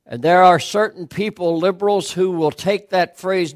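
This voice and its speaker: A man's voice: high voice, steady tone, moderate pace, few pauses, no echo, studio quality. A middle-aged man preaching a sermon as a pastor, questioning his listeners earnestly and building to emphatic peaks.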